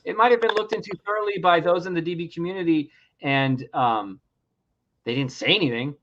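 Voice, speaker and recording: Podcast co-host, woman, low-ish voice, animated and sarcastic, dull lo-fi recording. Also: a little fast, background noise. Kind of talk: casual chat. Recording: dull lo-fi sound.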